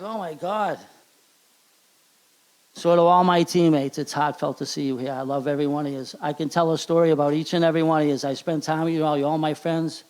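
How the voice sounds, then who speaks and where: Gravelly Boston man giving a speech. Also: a little high, steady tone. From Charlestown, Boston. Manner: halting, stumbles and repeats words. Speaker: hall of fame inductee. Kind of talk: emotional acceptance speech. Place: banquet hall.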